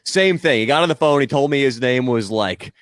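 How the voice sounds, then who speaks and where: A podcast host in casual chat, telling a rambling, profane story in an animated way. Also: male voice, medium pitch, a little fast, dry recording, clean studio sound.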